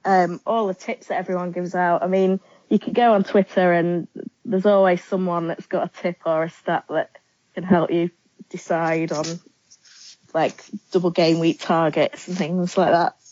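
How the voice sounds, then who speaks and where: A woman guest on a casual podcast interview, answering in a relaxed, chatty way with many ums. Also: fairly low pitch, normal speed, no room sound. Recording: dull lo-fi sound.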